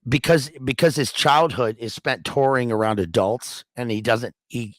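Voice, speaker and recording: Male guest, casual chat, mid pitch, dry sound, interjects often. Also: moderate pace, no room sound. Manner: chatty, jumps in with asides and laughs. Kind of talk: casual movie review chat.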